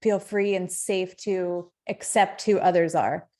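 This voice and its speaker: A woman's voice: on the low side, steady tone, slow, mellow. A woman hosting a casual interview, reflecting back and affirming what her guest says. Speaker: podcast host.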